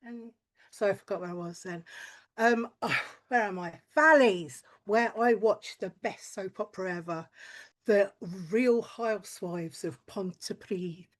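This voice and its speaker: A woman's voice: medium pitch, measured pace. A woman performing a stand-up comedy set, blunt and crude, with chatty tangents and frequent swearing.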